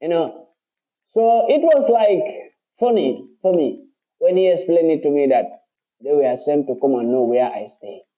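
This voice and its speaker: A man with a Gambian accent talks straight to his followers in a passionate, defiant monologue. His voice sits high for a man, and he drives his points home by repeating them and swearing oaths. The recording sounds dull and lo-fi. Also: animated, measured pace. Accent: Gambian English. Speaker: activist speaking to his followers. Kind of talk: impassioned monologue.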